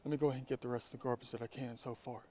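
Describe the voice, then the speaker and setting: A man's voice: mid-range voice, flat delivery, racing, darkish tone. Man musing aloud, half-whispering outdoors. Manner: musing, often drops to a whisper. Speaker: vlogger. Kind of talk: casual outdoor vlog narration. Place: outdoors in woods. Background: insects and crickets.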